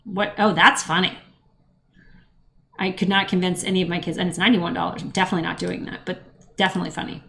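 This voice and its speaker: A woman's voice: fairly low pitch, level tone, quick pace, creaky, pauses often, pushed and bright. A middle-aged woman hosting a podcast, chatting casually and wryly, rambling with asides. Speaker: podcast host. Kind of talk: casual chat.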